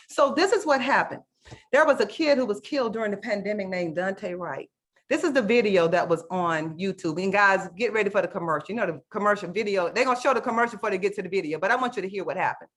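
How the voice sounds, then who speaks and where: A woman's voice: fairly high pitch, fast talker, fairly bright tone. Earnest woman teacher presenting online. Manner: earnest, emotional, keeps asking "right?" and calls the audience "guys". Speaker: teacher giving a workshop talk.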